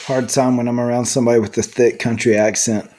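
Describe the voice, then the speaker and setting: A man's voice: medium pitch, little pitch movement, quick pace, a little mellow. A man, a pastor, co-hosting a casual faith podcast, talking earnestly and often restarting his sentences. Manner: earnest, repeats words when starting sentences.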